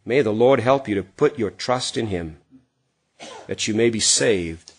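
A middle-aged male pastor preaching earnestly, swinging from emphatic lines to hushed, quiet passages. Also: on the low side, animated, unhurried, husky. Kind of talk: sermon.

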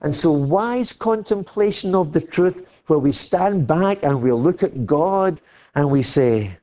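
Older Scottish male preacher, slow deliberate delivery, impassioned and emphatic. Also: on the high side, animated. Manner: impassioned preaching, rising to loud emphatic declarations. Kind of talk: sermon.

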